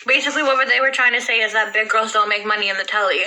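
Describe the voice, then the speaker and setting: Bright, rambling woman telling a story. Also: a little high, steady tone, rapid-fire, few pauses, low-quality recording. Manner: rambling, profane, heavy use of "like". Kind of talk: casual storytelling.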